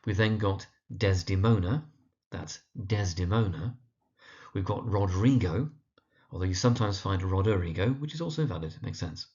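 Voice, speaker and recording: A male teacher giving a pronunciation guide, repeating each name slowly and deliberately. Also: fairly low pitch, a little mellow, dull audio.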